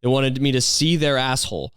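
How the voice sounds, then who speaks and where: A man's voice: mid-range voice, fairly even intonation, fairly quick, clear, resonant tone, no echo. A man hosting a solo podcast, rambling through a story in a profane, incredulous way on a close mic. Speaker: podcast host.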